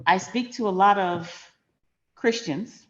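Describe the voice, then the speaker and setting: A woman's voice: medium pitch, takes it slowly, lo-fi sound. A middle-aged woman hosting a finance channel, telling a personal story in a frank, emphatic, conversational way.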